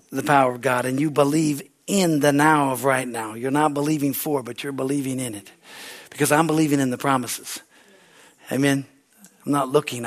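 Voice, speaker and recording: A man pastor preaching a sermon, fervent and repetitive, with call-and-response asides. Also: medium pitch.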